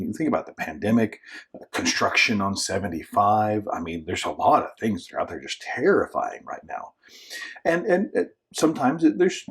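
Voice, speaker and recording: A man's voice: medium pitch, breathy edge. A male minister giving an informal devotional talk, telling a story conversationally with many asides and restarts, and acting out the voices in it. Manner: conversational storytelling, acts out voices with sudden shouts and whispers; frequent restarts and filler asides.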